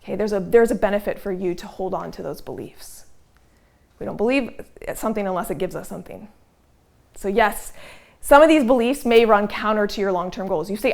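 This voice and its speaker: A woman's voice: mid-range voice, brisk, creaky. A woman coaching listeners in a motivational talk. She speaks conversationally, checks in often with "okay?" and "right?", and voices her listeners' doubts back at them. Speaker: weight-loss coach.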